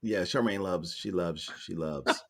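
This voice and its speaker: A man hosting a podcast, chatting in a relaxed, candid way and sharing his own anecdotes. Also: low voice, unhurried, vocal fry, over a noisy crowd. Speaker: podcast host. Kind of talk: casual conversation.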